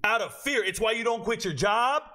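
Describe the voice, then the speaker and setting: A man's voice: high-pitched, normal speed, bright, forceful tone. A man hosting his channel, telling a story in a blunt, boastful way and acting out what people said. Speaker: channel host. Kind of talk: storytelling monologue.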